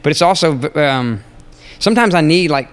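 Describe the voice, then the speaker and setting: A man's voice: fairly high pitch, lively intonation, normal speed, clean tone. A male musician, a guest on a studio talk show, chatting loosely and rambling with lots of fillers. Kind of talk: casual interview chat. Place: local TV studio.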